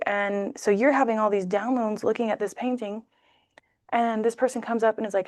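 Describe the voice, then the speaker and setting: Woman, tarot reader, casual and chatty, animated delivery, dry close recording. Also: medium pitch, a little fast, no room sound. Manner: chatty, animated, acts out little voices. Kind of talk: casual tarot reading to camera.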